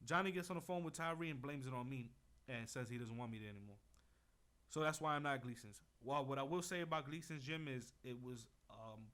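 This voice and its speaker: A young man co-hosting a casual chat, telling stories loudly and with swagger, swearing freely. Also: mid-range voice. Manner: loud, swaggering storytelling with profanity. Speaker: co-host.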